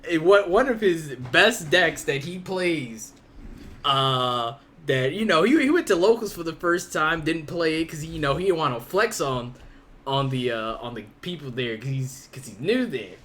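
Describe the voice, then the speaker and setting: A man's voice: fairly high pitch, animated, normal speed, fairly bright tone. A man co-hosting a casual podcast, laughing often and teasing his friend. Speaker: podcast co-host. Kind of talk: casual chat.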